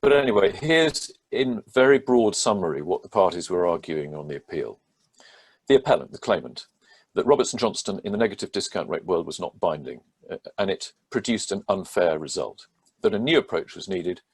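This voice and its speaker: A man, a barrister, explaining a court judgment in a measured, methodical way with frequent hesitations. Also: deep voice, lively intonation, slightly rough. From England. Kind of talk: legal explainer talk.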